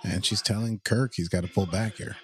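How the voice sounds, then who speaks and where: A man's voice: lowish voice, steady tone, a little fast. A man co-hosting a casual watch-along podcast, playful and jokey, tossing in quoted lines and goofy voices. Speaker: podcast co-host.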